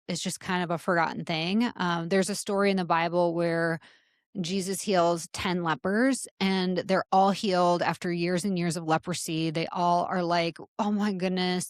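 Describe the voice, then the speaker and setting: A woman's voice: fairly low pitch, no room sound, studio quality. A middle-aged woman hosting a podcast, giving an earnest, encouraging motivational talk to salon and spa leaders. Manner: earnest and encouraging, addresses listeners as "you guys". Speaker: podcast host and salon business coach.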